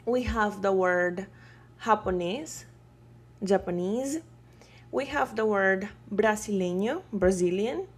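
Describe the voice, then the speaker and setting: A woman's voice: medium pitch, expressive, measured pace. A woman with a Colombian Spanish accent giving a patient beginner Spanish lesson. She repeats words and keeps checking with "right?" and "okay?". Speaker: Spanish teacher. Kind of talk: slow explanatory lesson.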